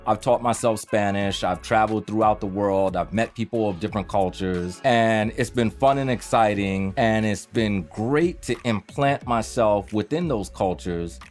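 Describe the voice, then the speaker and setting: A man with a New York accent speaks to camera from his home studio. He rants in a fairly low, emphatic voice that rises in animated bursts. Faint music plays underneath. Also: normal speed, few pauses. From New York, USA. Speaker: voiceover artist and YouTuber. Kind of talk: direct-to-camera opinion rant.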